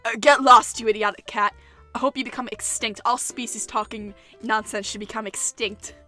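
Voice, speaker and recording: A snobbish young bunny boy from a game trades insults in a scornful tone. His voice is bright and sits a little high, performed by a woman reading the lines. Faint music plays underneath. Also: fairly even intonation, moderate pace. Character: haughty bookish young male bunny, snobbish.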